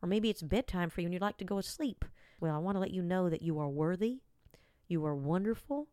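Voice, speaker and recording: A woman putting on a lower, slower, hushed voice to parody soothing bedtime affirmations. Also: flat delivery, no echo, clean studio sound. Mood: mock-soothing. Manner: hushed, slow, mock-soothing.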